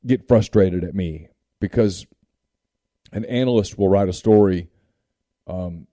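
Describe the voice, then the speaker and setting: Guy on a talk show arguing his point, low and expressive, really dark sound. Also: a little slow, no echo, studio quality. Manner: reasoning, argues points in long turns. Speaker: show co-host, recruiting analyst. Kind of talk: casual discussion.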